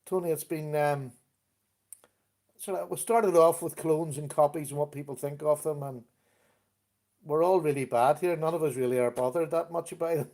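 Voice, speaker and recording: A man's voice: on the high side, fairly even intonation, moderate pace, a little mellow. A middle-aged man hosting a casual live stream, chatting easily and greeting viewers by name. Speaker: livestream host.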